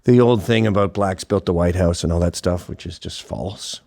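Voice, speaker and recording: A man's voice: deep voice, moderate pace, gravelly, a little mellow, no echo. A man hosting a show, giving sardonic, profane commentary over clips. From Canada. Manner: profane and mocking. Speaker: host.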